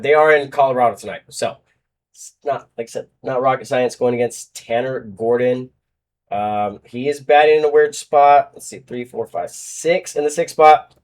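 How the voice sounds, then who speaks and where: A man's voice: medium pitch, darkish tone. A young man hosting a casual sports betting show, going through picks bluntly and joking as he goes. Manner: blunt, joking, trash-talking teams and players.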